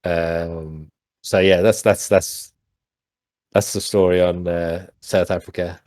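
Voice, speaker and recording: Guest: man, very low voice, dry close sound, rambling casual anecdotes. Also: little pitch movement, takes it slowly, darkish tone, no room sound. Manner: rambling, many restarts and fillers. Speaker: interview guest, former pro gamer. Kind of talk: casual storytelling on a call.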